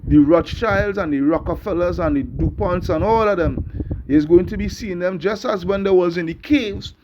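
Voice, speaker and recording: A middle-aged man with a Caribbean accent preaches in an emphatic, street-sermon style. His voice sits a little high for a man and carries a gravelly rasp. He stumbles through repeated words while building his point, then reads scripture in a slow, deliberate cadence. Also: a little mellow, slight background noise. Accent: Caribbean English.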